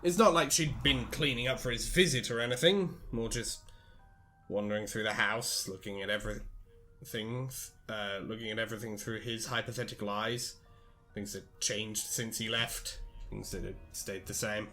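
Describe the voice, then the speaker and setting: A man's voice: on the low side, normal speed, faint music behind. A young man hosting a casual podcast, chatting and reading narration aloud. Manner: relaxed, swears casually.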